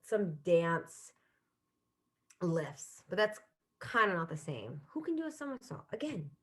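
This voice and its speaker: A woman's voice: lowish voice, sing-song, a little slow, a bit bright. A woman in her thirties hosting a solo comedy livestream from home, chatting casually and laughing at herself. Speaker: streaming comedy show host. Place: home room with bookshelf.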